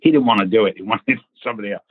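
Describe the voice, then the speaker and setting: A husky-voiced man spins a lively, profane showbiz anecdote, acting out the other people's lines as he goes. The sound is thin and phone-like, and the room is dry and close. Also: lowish voice, very fast, dry recording. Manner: animated storyteller who acts out quotes and laughs. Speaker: actor recounting a film casting. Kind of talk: casual anecdote, swearing freely. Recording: tinny phone-like line.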